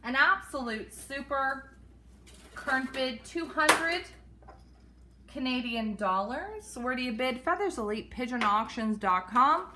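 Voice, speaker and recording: A woman co-hosting a live pigeon auction, briskly listing each bird's pedigree. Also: high voice, animated, background noise. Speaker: auction co-host.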